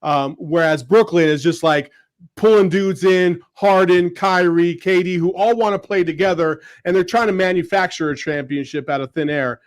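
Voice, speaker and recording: A man co-hosting a casual sports podcast, arguing his point in an animated way with many fillers. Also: high-pitched, moderate pace. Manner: animated, argumentative, filler-heavy. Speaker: podcast co-host.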